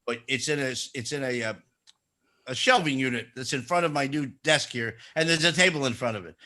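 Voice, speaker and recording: A man's voice: on the high side, bright, forceful tone. A man hosting a radio talk show, rambling through self-mocking complaints into a studio mic. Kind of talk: casual radio chat. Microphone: studio microphone.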